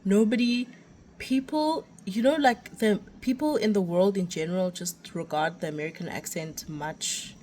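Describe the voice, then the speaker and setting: A woman's voice: mid-range voice, moderate pace, a little hiss or hum. Chatty young South African woman. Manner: chatty ranting, animated and expressive. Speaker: vlogger, teacher abroad. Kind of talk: casual walking vlog chat. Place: outdoors walking.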